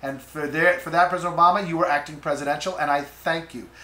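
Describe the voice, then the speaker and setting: A man's voice: a little high, steady tone, quick pace, pushed and bright, roomy sound. A man hosting a political talk radio show, ranting indignantly and sarcastically.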